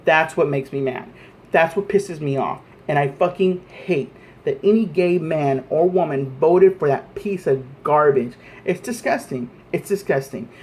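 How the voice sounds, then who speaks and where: A man's voice: high voice, a little mellow. An American man angrily ranting to camera in a vlog, heated and profane, often stumbling over repeated words. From United States. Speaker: vlogger. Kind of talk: angry political rant.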